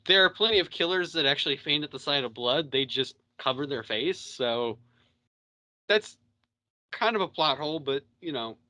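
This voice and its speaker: A man's voice: fairly high pitch, animated, moderate pace, pushed and bright, no echo, lo-fi sound. A young man hosting a podcast, chatting casually, recapping a show and acting out the characters' lines with swearing. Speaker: podcast host.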